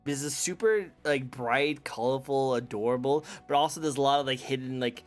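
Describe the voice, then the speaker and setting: A man's voice: mid-range voice, moderate pace, faint music behind. A man hosting a casual interview chat, rambling and laughing often. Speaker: interview show host. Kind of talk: casual chat over a call.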